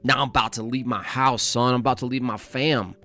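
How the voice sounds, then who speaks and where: A man's voice: mid-range voice, steady tone, a little fast, sharp tone, faint music behind, natural voice. A man mockingly imitating a young man who talks in exaggerated street slang. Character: young man mocked as a wannabe tough guy.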